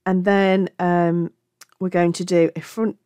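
A crochet tutor with a Black Country accent from England talks through a tutorial in a chatty, affectionate manner, often correcting herself. Her voice is lowish and mellow, with a clear, resonant tone and little pitch movement, and she takes her time. There's no echo.

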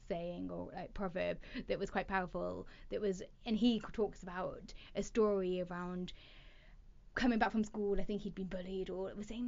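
A woman's voice: medium pitch, gravelly, lo-fi sound. A woman guest in a casual interview, telling stories with eager restarts and hesitations. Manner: lively storyteller with hesitant restarts. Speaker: podcast guest, talent development leader.

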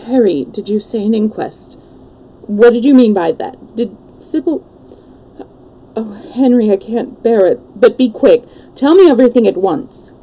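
A woman reading the part of an impulsive, anguished young English gentleman in a storybook, with emotional, pleading delivery. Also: on the high side, lively intonation, a little slow, low-quality recording.

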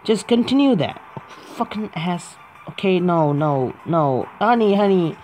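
A man's voice: sits high, lively intonation, measured pace, a little mellow, a little hiss or hum. A young man who just woke up, casually commentating a mobile game, swearing and arguing with the controls. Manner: profane, exasperated, talks to the game. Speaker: gaming YouTuber.

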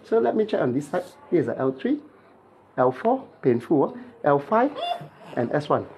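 A chiropractic therapist with a Malaysian English accent, instructing a client in clipped, playful phrases during treatment and mimicking cracking sounds. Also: male voice, on the high side, sing-song, normal speed, a little mellow, a little hiss or hum.

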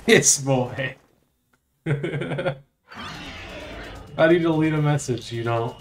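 A man's voice: a little high, takes it slowly, slight background noise. Crude joking male game streamer. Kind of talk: casual gaming commentary.

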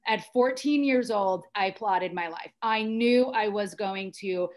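A woman's voice: medium pitch, a little slow. A middle-aged American woman telling her personal story as a podcast guest, earnest and intense. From United States. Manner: earnest and intense, with frequent restarts.

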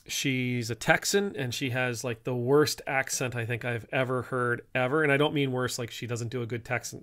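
Male priest, gravelly voice, halting and conversational. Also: medium pitch, a bit bright. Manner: rambling, halting, full of restarts. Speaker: Anglican priest. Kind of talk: casual spoken reflection.

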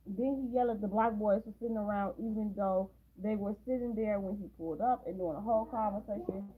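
In a tinny, phone-like recording, a movie reaction host casually recaps a film scene by scene and adds blunt, sarcastic remarks. Her voice is medium in pitch and fairly quick.

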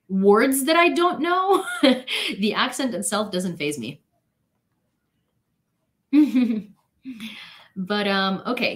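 A woman from Ukraine with a slightly high voice chats loosely with her viewers on a live stream. She giggles often and scatters "like" and "um" through her talk as she reads out news updates. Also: a bit bright. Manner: chatty and giggly, heavy use of "like" and "um". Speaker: streamer reading war news. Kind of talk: casual live chat with viewers.

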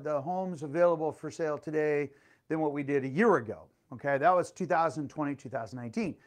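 A middle-aged man talks in a high, bright voice that jumps all over the place. He chats casually as a real estate agent, with plenty of fillers and playful exclamations. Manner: animated, chatty, full of fillers and playful exclamations. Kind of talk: casual vlog storytelling and market update.

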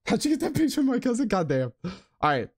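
A man's voice: extremely high pitch, huge pitch swings, fast. A man streaming a game live, giving casual, profane, slangy commentary and laughing often.

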